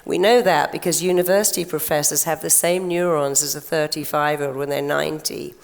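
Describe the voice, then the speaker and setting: A woman's voice: low-pitched, fairly even intonation, a little fast, creaky. An older woman giving a chatty stage talk to a live audience, telling stories and acting out quotes. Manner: chatty, storytelling, acts out quotes. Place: large conference hall. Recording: long hall reverb.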